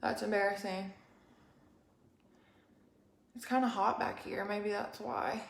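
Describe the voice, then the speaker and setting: A woman's voice: medium pitch, fairly even intonation, slow pace, creaky. A young woman hosting a casual live-stream makeup tutorial, chatty and rambling, a bit out of breath. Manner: chatty, rambling, apologetic asides. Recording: echoey room.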